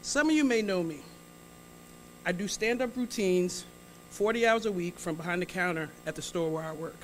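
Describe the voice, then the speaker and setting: A woman's voice: fairly low pitch, normal speed, slight background noise. A woman telling a comic story from a stage in a large hall, chatting with the audience, teasing them, and acting out the dialogue. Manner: chatty, teases and prompts the audience, acts out dialogue. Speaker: guest speaker telling a story.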